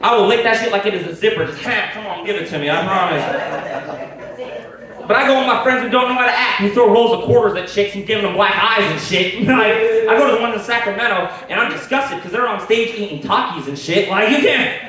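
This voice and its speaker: Crude high-voiced male stand-up comic. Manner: crude, rapid, laughing at own jokes. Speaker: stand-up comedian. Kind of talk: stand-up set. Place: comedy club stage. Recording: echoey club, distant mic, crowd noise.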